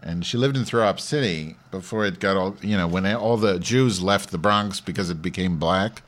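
A man's voice: sits low, normal speed. A man working out a crude song parody on the radio, muttering to himself and then belting out lines. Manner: crude, self-deprecating, switches between muttering and loud singing. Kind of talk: comedic radio bit, singing parody lyrics.

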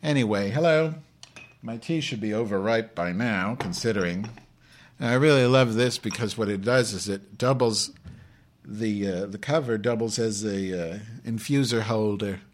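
A crude, abrasive Jewish woman host, played by a man, who rambles through a live webcast in profane rants. The voice sits fairly low for a man's. The tone stays irritable and unpolished, typical of improvised comedy. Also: moderate pace, slight background noise, lightly acted. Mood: grumbling. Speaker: host of a live online show.

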